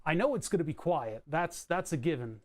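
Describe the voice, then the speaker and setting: A man's voice: a little high, expressive, a little fast, no echo. Wry, rambling man at a workbench. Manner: rambling, wry, swears casually. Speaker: electronics hobbyist streamer. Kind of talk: casual live-stream chat while tinkering. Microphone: desk microphone.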